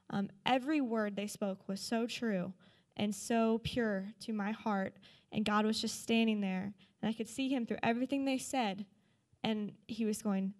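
A young woman telling a personal testimony to a church group, earnest and full of fillers. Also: fairly high pitch. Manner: earnest storytelling, many fillers. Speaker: church member sharing a testimony.

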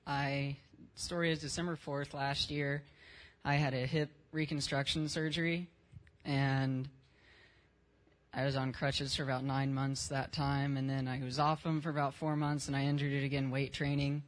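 A man's voice: mid-range voice, flat delivery, moderate pace. A young man in his teens giving a casual spoken testimony at a church service, telling his story in plain, unpolished words with some slang.

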